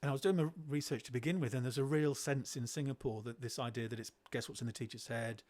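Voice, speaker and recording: Guy, middle aged, chatty podcast guest, keeps restarting his sentences, mid-pitched voice. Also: fast talker. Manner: animated, acts out children's voices, frequent restarts. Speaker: guest, education speaker. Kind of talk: conversational storytelling.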